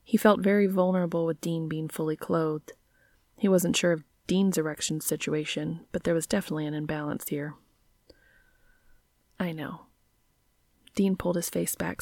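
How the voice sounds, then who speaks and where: A woman reading a story aloud in a soft, half-whispered narration. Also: on the low side, no room sound, studio quality. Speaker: reader.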